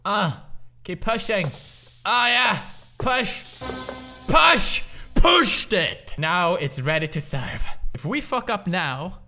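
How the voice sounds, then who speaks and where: A man with a Swedish accent, a native Swedish speaker, giving gaming commentary, raging, swearing and yelling at the game. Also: high-pitched, lively intonation, slow, long pauses. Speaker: gaming video creator. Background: game music.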